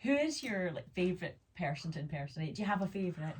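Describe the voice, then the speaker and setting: A woman's voice: lowish voice, very animated, fast talker, slightly rough. A woman hosting a radio show, asking a guest questions with enthusiasm and laughing along. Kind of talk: casual radio interview.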